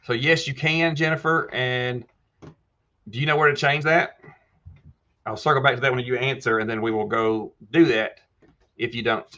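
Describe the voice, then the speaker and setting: A man's voice: mid-range voice, steady tone, normal speed, pauses often, bright, forceful tone, muffled recording. A man hosting a casual live chat. He reads viewer comments aloud and answers them by name in a folksy way. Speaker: livestream host answering viewer questions.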